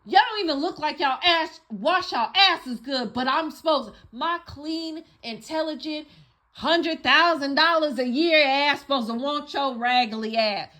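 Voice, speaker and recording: A woman hosting her channel, delivering a blunt, profane, scolding rant that swings between loud outbursts and quiet asides. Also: high voice, unhurried. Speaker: channel host. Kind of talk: casual rant monologue.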